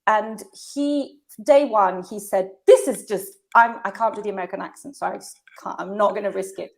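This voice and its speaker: A woman in her fifties, a guest telling stories in a casual conversation, animated and laughing often. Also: mid-range voice, moderate pace, vocal fry.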